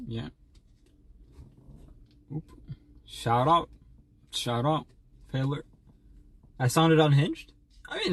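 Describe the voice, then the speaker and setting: A man's voice: fairly high pitch, fairly bright tone, no echo. Playful young man streaming. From Sweden. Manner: rambling, playful, stumbling restarts. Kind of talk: casual livestream chat, reading donations.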